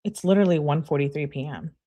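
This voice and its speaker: A woman's voice: sits low, fast talker, dark tone, highs cut off. Sarcastic woman reading texts aloud. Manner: dry, sarcastic asides between the readings. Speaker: true-crime commentator. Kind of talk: reading text messages aloud with casual commentary.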